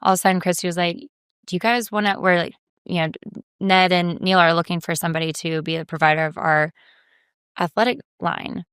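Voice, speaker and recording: Woman guest, chatty interview talk, smooth clear tone, close dry mic. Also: on the low side, level tone, fairly quick, fairly bright tone, dry recording. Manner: chatty, quotes herself and others often. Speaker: reality TV guest. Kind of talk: casual interview chat.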